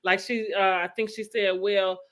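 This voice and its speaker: A woman's voice: a little high, animated, measured pace, sharp tone. A woman co-hosting a casual reality-TV recap podcast, talking through the drama with rhetorical questions and easy laughs. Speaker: podcast co-host.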